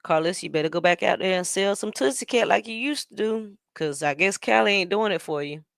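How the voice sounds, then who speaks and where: A woman hosting a show, talking in an animated, sassy way with plenty of slang while she reacts to a stream. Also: mid-range voice, fairly quick, gravelly, no room sound, clean studio sound. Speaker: show host. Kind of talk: casual commentary reacting to a stream.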